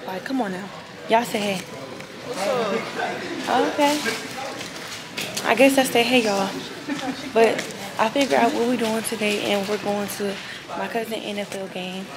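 Young woman vlogging, slight gravel. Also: medium pitch, steady tone, moderate pace, long pauses, heavy background noise. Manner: chatty, slangy, talks straight to viewers. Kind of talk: casual vlog chat.

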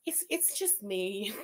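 A woman's voice: medium pitch, mellow. A woman hosting a casual livestream, venting with a lot of swearing and frustration before reading out viewers' messages. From Quebec, Canada. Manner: exasperated, profane, venting. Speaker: livestream host.

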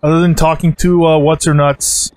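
A man giving rambling, excitable let's play commentary as he plays a game, swearing often. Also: on the high side, moderate pace. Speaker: gaming channel host.

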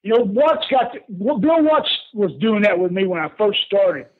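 A man's voice: high voice, moderate pace, a little hiss or hum. Older man on a tinny phone line. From Texas. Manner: animated, folksy, laughs often, calls people boss. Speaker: guest, veteran wrestler. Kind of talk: casual storytelling on a podcast.

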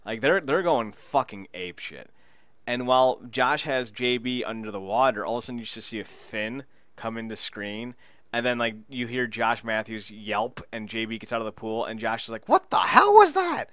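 Excitable man with a bright, crisp voice. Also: mid-range voice, normal speed, no room sound. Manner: excitable, laughing, profane storyteller. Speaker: podcast co-host. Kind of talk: casual show recap.

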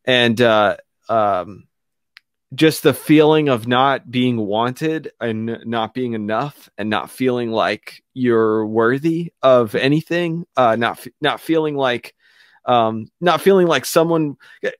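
A man telling a candid, emotional personal story as a guest on a radio talk show, halting often and restarting his sentences. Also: mid-range voice, clear, resonant tone, no room sound, clean studio sound. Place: radio studio.

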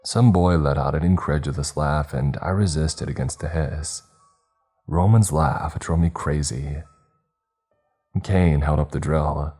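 A man's voice: rumbling low, a little slow, mellow, breathy edge, soft background music. A man reading a horror story aloud as narrator, voicing each character himself. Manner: voices every character in dialogue.

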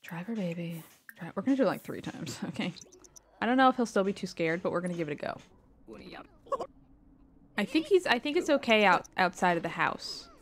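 A woman's voice: medium pitch, sing-song, fairly quick, pauses often, slight background noise. Exasperated woman streaming a game. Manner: exasperated, swearing, muttering asides. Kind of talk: casual gameplay commentary.

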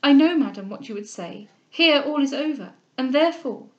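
A woman's voice: high-pitched, lively intonation, moderate pace, fairly bright tone, lo-fi sound, voice pushed up. A woman reading the part of a distressed young heiress, emotional and pleading.

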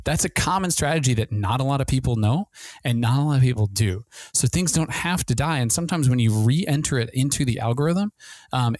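A man hosting a marketing podcast, talking very fast with many restarts and fillers. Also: mid-range voice, a little mellow, no echo. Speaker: podcast host and ad consultant.

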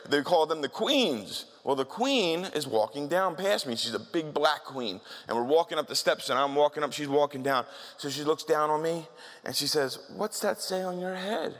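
A man's voice: a little high, fairly bright tone. Man telling a story in a hall. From South Philadelphia, USA. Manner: candid, conversational, frequent restarts. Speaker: speaker at a talk. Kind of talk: storytelling talk. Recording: long reverb in a hall.

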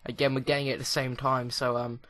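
A man's voice: medium pitch, flat delivery, quick pace, bright, forceful tone. A young man giving casual, rambling, jokey commentary while playing a video game. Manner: rambling, jokey, with many restarts. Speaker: let's play host.

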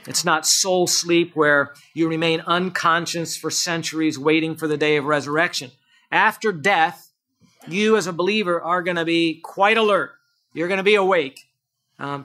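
Pastor guy preaching a sermon, pretty high voice, bright, keeps asking the crowd stuff, emphatic then quiet. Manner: preaching with rhetorical questions to the congregation; shifts between emphatic high delivery and low quiet asides.

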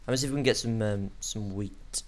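A man co-hosting a casual Let's Play, playful and giggly, who jumps into high squeals when excited. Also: fast, a little hiss or hum. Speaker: gaming channel co-host.

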